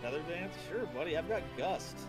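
A man chats casually over his gameplay, his pitch lively and swinging around as he reacts. Music plays clearly behind him, and his tone is everyday and unforced. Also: brisk. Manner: animated, swings loud to quiet. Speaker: streamer playing a game.

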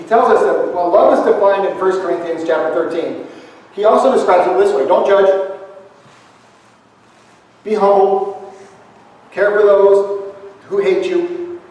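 A man's voice: high voice, a little mellow. A male pastor preaching a sermon in a church, talking conversationally with humor and asking the congregation questions. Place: church sanctuary. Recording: echoey church hall from far off.

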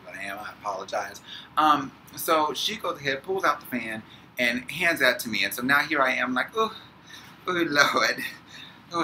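Animated storytelling young man. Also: medium pitch, a little hiss or hum, low-quality recording. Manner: animated, acts out quoted people. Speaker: vlogger. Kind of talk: casual storytelling.

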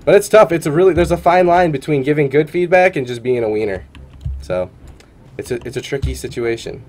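A man's voice: fairly high pitch, expressive, a little fast, darkish tone. A man casting a live esports tournament and chatting between matches in an upbeat, chatty way full of "uh" and "man". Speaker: tournament caster and streamer.

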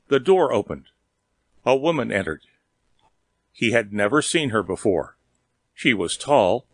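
A man narrates an audiobook in a steady, measured way. His voice sits at a middle pitch for a man. The recording is dry and close, with no room sound. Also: no echo. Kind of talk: audiobook reading.

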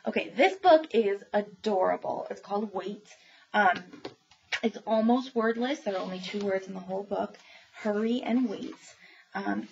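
A woman's voice: mid-range voice, gravelly. A woman reviewing new children's books in a casual book talk, chatty and enthusiastic, with many ums as she retells each story. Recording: dull lo-fi sound with faint noise.

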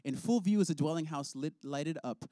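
A man leading a prayer and teaching children's ministry workers, telling stories in an earnest, animated way. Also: fairly high pitch, a little fast, no echo, clean studio sound. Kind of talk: prayer and teaching talk with storytelling.

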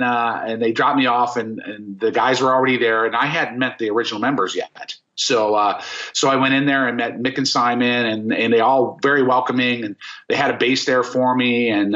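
A man in his fifties from Florida, a former rock bassist, telling stories as a podcast guest in an excited, rambling way with many fillers and restarts. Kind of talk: casual storytelling interview. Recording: dull lo-fi podcast audio.

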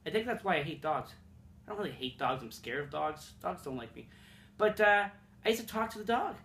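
In his Montreal apartment, a young vlogger casually rambles through funny childhood stories, full of swearing and self-mockery. His voice is on the high side, a little fast and creaky, a bit bright, with big pitch swings. The recording sounds roomy, with a little hiss or hum.

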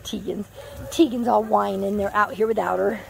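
A woman outdoors talking to puppies in a high, sing-song baby-talk voice. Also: fairly even intonation, moderate pace, vocal fry, a little hiss or hum. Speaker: dog owner filming puppies. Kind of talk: casual chat to puppies. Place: outdoors in a yard.

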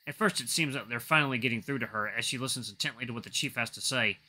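Quiet, bright-voiced male narrator. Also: medium pitch, quick pace, few pauses. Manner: quiet, even narration with slips. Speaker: narrator reading a visual novel. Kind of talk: reading a visual novel aloud.

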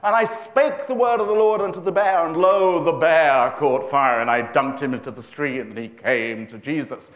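A man's voice: a little high, normal speed, few pauses, echoey room, highs cut off, natural voice. A man voicing a fervent, boastful male Baptist preacher who talks in biblical phrases.

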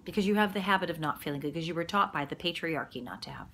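A middle-aged woman life coach talking casually and warmly about feeling good, laughing at herself and sometimes dropping to a whisper. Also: sits low, lively intonation, rapid-fire, a little hiss or hum. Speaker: quantum healing practitioner and life coach. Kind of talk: casual motivational monologue.

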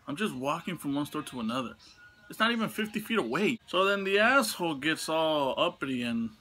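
Bright-voiced young man ranting profanely. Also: big pitch swings, brisk. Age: young adult. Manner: profane, heated venting with sudden high outbursts. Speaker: vlogger telling a story. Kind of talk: casual storytime rant.

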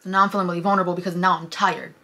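A young woman speaks quickly in a bright, forward voice, telling a personal story straight to camera. She rambles with lots of fillers and restarts, and her delivery stays animated. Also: fairly low pitch. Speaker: vlogger.

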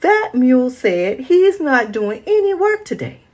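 A woman's voice: fairly low pitch, big pitch swings, measured pace, slightly rough, heavily acted. Woman doing a reluctant young farm boy. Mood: boyish.

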